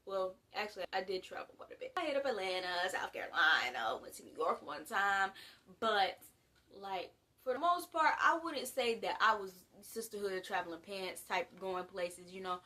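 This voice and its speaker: A 19-year-old woman from the US gives a casual, slangy to-camera monologue, talking in an animated way with big swings in loudness. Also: mid-range voice, normal speed, recorded from a distance. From United States. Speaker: vlogger.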